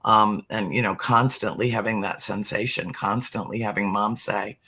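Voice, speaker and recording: A middle-aged man's voice, on the low side and steady with a sharp tone, guides a heartfelt spiritual conversation. He takes his time, speaking deliberately and sometimes sinking nearly to a whisper for emphasis.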